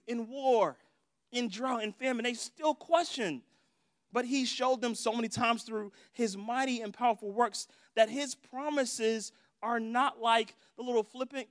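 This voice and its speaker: A man's voice: extremely high pitch, no echo, clean studio sound. A young adult man preaching a sermon in a conversational way, acting out prayers in different voices. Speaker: pastor.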